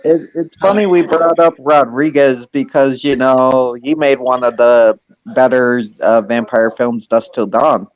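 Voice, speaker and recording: A laid-back man with a mid-pitched voice joins a casual movie chat, mostly giving short, agreeing replies. His audio comes through a dull, lo-fi call line. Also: measured pace. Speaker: co-host.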